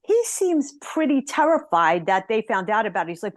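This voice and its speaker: An animated woman talking through a film with her podcast co-host, slipping into quick voiced asides for the characters. Her voice sits at an everyday middle pitch and sounds close and dry, with no room around it. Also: no echo. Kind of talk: casual film discussion.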